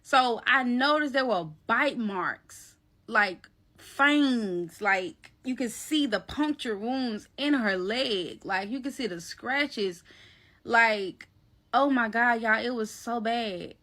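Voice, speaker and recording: A woman with a slightly high, crisp and bright voice tells a personal story straight to camera. She is animated and slangy, calling her audience y'all and baby. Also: slow. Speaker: storyteller recounting a personal event. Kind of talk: casual storytime vlog.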